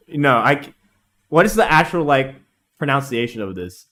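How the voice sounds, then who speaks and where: A young man streaming a casual, excitable game analysis, rambling and laughing at his own slips. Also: mid-range voice, moderate pace.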